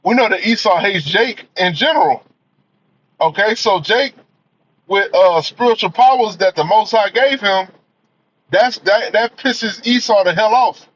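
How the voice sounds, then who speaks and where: A man's voice: high voice, unhurried, a bit bright. A man giving a profane, emphatic rant as a movie reviewer, filling his talk with "man" and "you know.". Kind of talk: ranting commentary. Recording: dull lo-fi audio.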